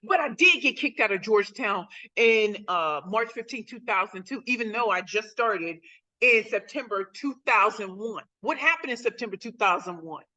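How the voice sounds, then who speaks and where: This motivational personal story comes from a St. Louis woman in her forties appearing as a guest on a video call, who emphasizes her points by repeating phrases. Her mid-range voice is bright and forceful, with lively intonation at a moderate pace.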